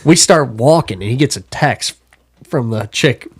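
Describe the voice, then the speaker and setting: A young man with a mid-range voice tells his stories as a podcast guest. His delivery is casual, profane and animated, and he laughs his way through the punchlines. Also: medium pitch, measured pace, breathy edge. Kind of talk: casual storytelling.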